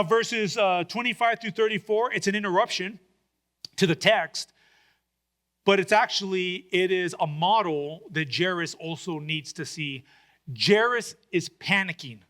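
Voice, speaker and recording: A man's voice: sits high, fairly bright tone. A male pastor preaching a sermon, retelling a story with dramatic acted-out voices.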